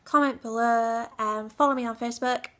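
Giggly Hull woman with a high voice. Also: fairly even intonation, normal speed, a bit bright. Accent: Yorkshire (Hull). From Yorkshire, England. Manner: giggly and rambling, many fillers. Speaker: cosplayer and vlogger. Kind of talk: casual vlog chat.

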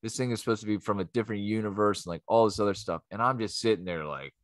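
A man tells a rambling comic story, swearing freely and jumping into quoted voices. His voice sits low, and the recording is dry and close. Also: fast talker, no echo. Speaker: comedian host.

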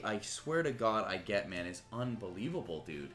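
Casting note: male gaming streamer, bright, lively pitch, furious swearing rants, faint music under him. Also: moderate pace. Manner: angry, ranting, heavy swearing; swings between loud outbursts and muttering. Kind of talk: live gaming commentary.

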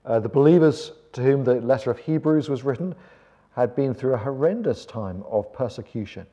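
A man's voice: medium pitch, animated, normal speed, dark tone. An Englishman giving a sermon-style seminar talk, conversational with rhetorical questions and wry asides. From England. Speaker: seminar speaker.

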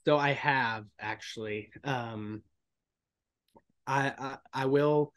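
A young man telling a story as a podcast guest, acting out other people's lines in loud, animated bursts. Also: medium pitch, slow pace, smooth. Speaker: voice actor and stuntman guest.

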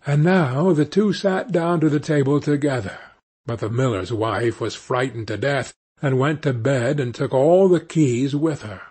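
Slow, husky male storyteller. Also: medium pitch, darkish tone. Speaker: audiobook narrator. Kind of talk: scripted fairy-tale narration.

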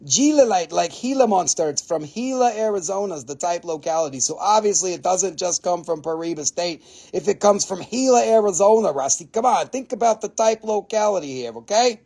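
An Appalachian man runs a live mineral sale, excitable and full of jokes, swearing freely as he goes. His voice sits fairly high with a gravelly edge. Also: a little fast. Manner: excitable, jokey, swears casually.

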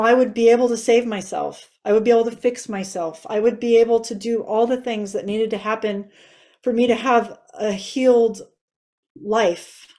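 Woman in her forties, guest giving an earnest, emotional testimony; slightly higher voice. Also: darkish tone. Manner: earnest and emotional, tearful at times. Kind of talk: personal testimony interview.

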